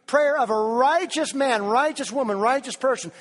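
Male preacher, Tennessee, high-pitched, animated sermon full of questions and King James quotes, echoing hall. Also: normal speed.

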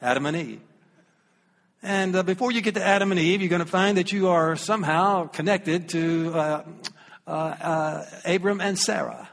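A man's voice: high-pitched, moderate pace, gravelly, fairly bright tone, in a large hall. A man with a Southern US accent preaching a sermon as pastor, folksy and humorous, reading scripture aloud.

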